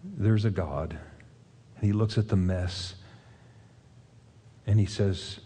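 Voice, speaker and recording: A man preaching a sermon as pastor, earnestly retelling a film scene and dropping to a soft, intense voice at moving points. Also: on the low side, slow, long pauses, breathy edge.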